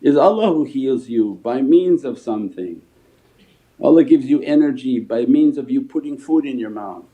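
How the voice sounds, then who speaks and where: A man's voice: mid-range voice, lively intonation, normal speed. A Sufi shaykh giving a spiritual talk and answering questions, telling stories as he teaches. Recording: phone-like livestream audio.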